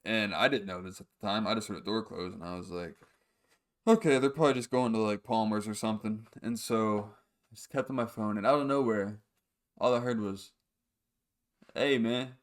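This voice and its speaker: A man's voice: on the low side, steady tone, moderate pace. Rambling young man telling stories. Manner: rambling, laughs at his own stories, frequent fillers and restarts. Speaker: podcast host. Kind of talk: casual storytelling monologue.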